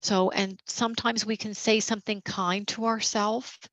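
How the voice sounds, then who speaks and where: A woman teaching a caregiver support workshop over a video call, gentle and encouraging, with casual fillers. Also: medium pitch, flat delivery, normal speed, no room sound, low-quality recording.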